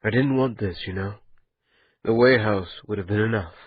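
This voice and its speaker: A weary young man, burdened and frightened, speaks in a quiet, subdued voice, as a male narrator voices him. The tone is low and husky. The audiobook recording is dry and slightly dull. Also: moderate pace, no room sound.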